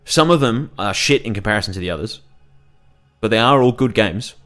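Young male let's-play host, rapid and profane, faint game music underneath. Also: lowish voice. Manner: ranting, profane and animated. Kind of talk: gameplay commentary.

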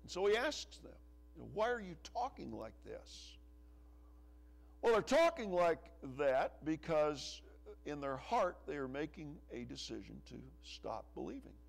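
A male pastor preaching in a church. His slightly high voice carries a gravelly edge and leaps about in pitch. He talks slowly and lets his phrases rise to a push, then sink to a hush. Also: sing-song. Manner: preaching with rising emphasis and soft, dropping asides. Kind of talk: sermon. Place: church sanctuary.

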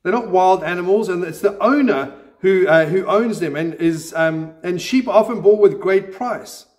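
A man, the pastor of a church, preaching a sermon with earnest delivery and gentle self-deprecating humor. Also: sits high, moderate pace.

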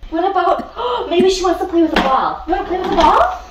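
Flustered woman with a very high voice. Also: lively intonation, a little fast. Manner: fretful, flustered pretend play. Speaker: pretend pet daycare worker. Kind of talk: pretend play for kids. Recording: roomy, distant, noisy home recording.

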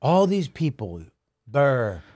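A middle-aged man, co-hosting a podcast, teasing his partner loudly and swearing in casual banter. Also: medium pitch, big pitch swings, slow pace. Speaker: podcast co-host.

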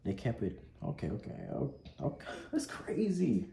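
A man's voice: mid-range voice, wildly swooping pitch, normal speed, creaky, dark tone, reverberant, a little hiss or hum. A man hosting a gaming channel, chatting casually through an unboxing and install tutorial, laid-back and prone to swearing and laughing.

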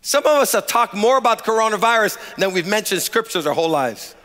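A man preaching a sermon as pastor, using call-and-response and swinging from shouted lines to quiet asides. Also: sits high, expressive, brisk, long reverb tail.

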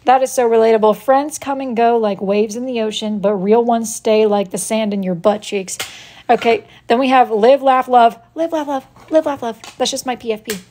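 On a casual live stream, a woman shows off her wood-burned crafts, playfully reading out their joke slogans and teasing viewers by name. Her slightly high voice is warm and fairly even at a normal speed, with a little hiss or hum.

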